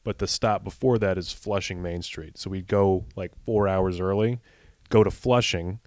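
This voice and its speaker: A man's voice: low voice, steady tone, moderate pace, darkish tone, no echo. A young man, co-hosting a casual podcast and telling loose, profane, laughing stories. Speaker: podcast co-host. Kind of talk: casual chat.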